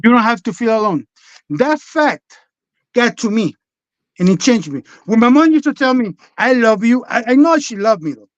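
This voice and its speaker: A man's voice: very high voice, very animated, moderate pace, dry recording, lo-fi sound. A man guest telling his own story in a blunt, profane, rambling way. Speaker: podcast guest. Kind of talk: candid personal storytelling.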